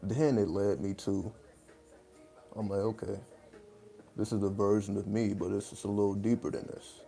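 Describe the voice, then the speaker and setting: A man's voice: fairly low pitch, level tone, moderate pace, gravelly, dark tone, soft background music. A man hosting a casual livestream, talking in a loose, rambling way with lots of fillers and laughing between points. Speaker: livestream host.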